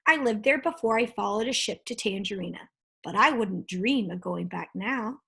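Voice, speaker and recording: A very old male seagull from a storybook, croaky and offhand, played by a woman reading aloud. The voice is husky and plain, answering without much interest. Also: medium pitch, lively intonation, moderate pace, fairly bright tone, exaggerated voice. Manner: croaky, matter-of-fact.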